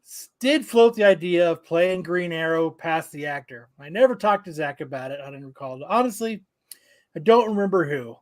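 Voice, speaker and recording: A man chats as a comic podcast host in a high register, tossing in crude jokes. The sound is dry and close to the mic. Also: animated, normal speed, dry recording. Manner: profane, joking, reads news aloud. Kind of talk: casual comic podcast banter.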